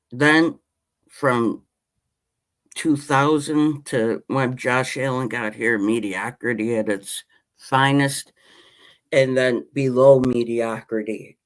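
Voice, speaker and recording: A man, ranting passionately about his team as a podcast host in casual chat. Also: medium pitch. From Western New York. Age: 50s. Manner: impassioned, rambling sports-fan rant.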